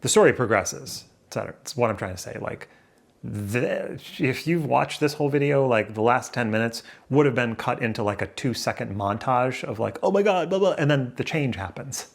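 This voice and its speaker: Male vlogger, mid-range voice with gravel, rambling and self-mocking at a camera. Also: mid-range voice, moderate pace. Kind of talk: rambling solo daily vlog. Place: room indoors near a window. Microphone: camera in front of him, seated.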